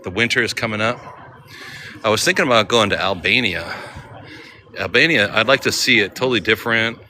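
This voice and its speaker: Bright-voiced chatty American man. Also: lowish voice, a little fast, slight background noise. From United States. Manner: chatty, rambling, talks to viewers while walking. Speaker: travel vlogger. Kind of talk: casual walking vlog. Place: outdoors on city streets.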